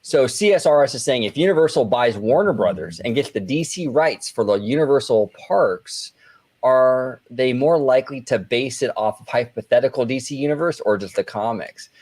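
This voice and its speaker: Male host, easygoing, laughs a lot, mid-pitched voice. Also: lively intonation, normal speed, darkish tone. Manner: laughs often, reads out listener questions. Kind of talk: casual podcast chat.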